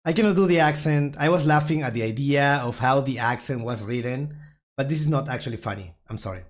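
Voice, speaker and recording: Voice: mid-range voice, fairly quick. A streamer casually reacting to memes and talking to chat, laughing often and poking fun at themselves. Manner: laughs often, chatty, self-mocking.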